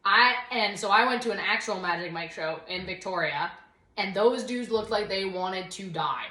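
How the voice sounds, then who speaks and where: A young woman co-hosts a casual chat and rants, worked up and sarcastic, peppering her talk with "like". Her voice sits at an ordinary middle pitch. The room around her rings with a noticeable echo. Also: normal speed, sharp tone. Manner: worked-up, sarcastic ranting with lots of "like". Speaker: podcast co-host. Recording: roomy echo.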